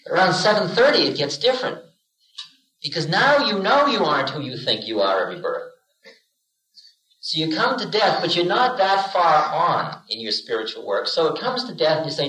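A man's voice: fairly high pitch, sing-song, normal speed, sharp tone, roomy sound, rough recording. A man giving a spiritual lecture to an audience, telling it as a story and acting out the voices he quotes, with humor. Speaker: spiritual teacher.

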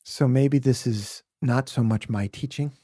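A man from Brooklyn, a podcast guest, telling earnest, emotional stories in a reflective conversation, sometimes dropping to a soft whisper. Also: medium pitch, a little slow, slightly rough, no echo.

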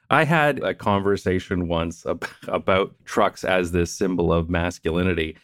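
A man's voice: low voice, measured pace, fairly bright tone, no echo, clean studio sound. A man talking casually and at length about cities and suburbs, explaining in an easygoing way and laughing now and then. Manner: explanatory, chatty, laughs often. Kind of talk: casual conversation.

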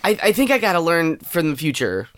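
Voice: medium pitch, sing-song, a little fast, dry recording, studio quality. A podcast co-host in casual chat, goofy and rambling, often trailing off and restarting.

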